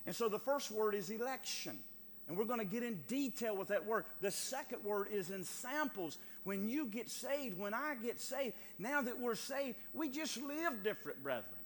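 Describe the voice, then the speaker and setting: A man preaching a sermon as pastor, calling out to the church and building to loud, rising appeals. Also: high-pitched, lively intonation, normal speed, in a large hall.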